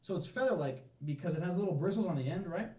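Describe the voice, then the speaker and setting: A man's voice: sits high, expressive, fast talker, darkish tone, reverberant, distant mic. A man co-hosting a casual podcast, rambling through animal facts, laughing often and swearing casually. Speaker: podcast co-host. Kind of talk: casual chat.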